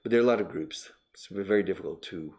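A man's voice: low voice, fast talker, darkish tone. Older man teaching English, chatty. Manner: chatty, switches into Spanish to explain words. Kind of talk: casual spoken English lesson.

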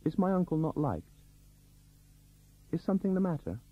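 A man's voice: fairly high pitch, very animated, moderate pace, husky, dry recording, phone-quality sound, voice pushed up. A man voicing an earnest, persistent young woman traveller in an audiobook reading.

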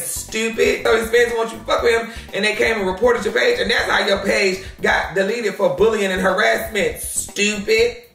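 A high-pitched man with a gravelly, creaky edge rants about celebrity drama, sassy, loud and full of profanity. He sits back from the mic in a roomy, echoing space, with faint music underneath. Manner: sassy, loud, swears a lot, mocking. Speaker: gossip commentary host. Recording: roomy echo, distant from mic.

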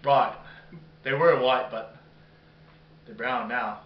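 A man's voice: mid-range voice, steady tone, slow. Young man doing a roomy mock-reporter bit. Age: young adult. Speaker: mock interviewer. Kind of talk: improvised comedy skit. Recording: roomy, distant, dull, with background hiss.

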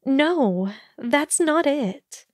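A woman's voice: high voice, lively intonation, very slow, no room sound, voice pushed up, heavily acted. An earnest young witch speaks in a raised, hesitant voice, as a woman reads her in an audiobook. She sounds tense and unsure. The sound is dry and close, with no room around it. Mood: nervous.

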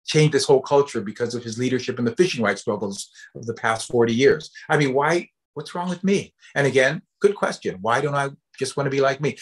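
A man from the US Pacific Northwest, a storyteller and educator, giving a playful storytelling lecture with pauses and fillers. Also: mid-range voice.

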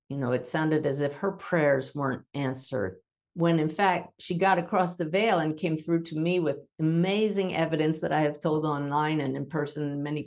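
Woman, low register, spiritual podcast host; calm, reassuring, measured delivery that eases down in tempo at times. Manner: gentle, reassuring.

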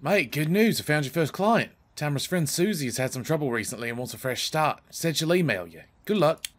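A man's voice: on the high side, lively intonation, fairly quick, close to an everyday voice. A man putting on an Australian accent to voice a cheery male game contact, breezy and matey. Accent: put-on Australian.

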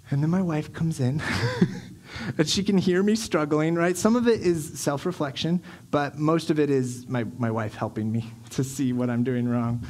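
Animated storytelling pastor, man. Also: fairly high pitch, moderate pace. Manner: animated storytelling, acting out his kids and himself. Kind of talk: sermon. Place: church sanctuary.

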